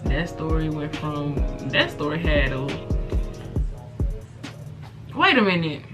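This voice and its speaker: A woman's voice: low-pitched, very animated, slow. A woman hosting a reaction video, making chatty, incredulous asides. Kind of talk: casual reaction commentary. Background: background music.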